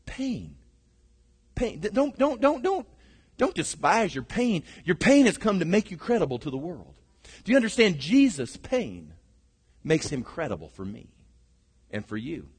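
A middle-aged pastor delivers a sermon in a high, lifted voice. He swings between shouted bursts and quiet, hushed asides. The sound carries the long echo of a large sanctuary. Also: huge pitch swings, measured pace, pauses often, husky. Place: church sanctuary. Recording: long reverb of a large hall.

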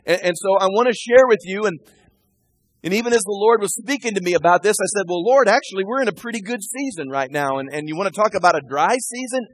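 A male pastor delivers a sermon, his fairly high voice dropping to near-murmurs and then surging into loud, fervent scripture reading. The sound is close and dry, with no room echo. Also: lively intonation, quick pace. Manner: swings between hushed asides and loud emphatic scripture reading.

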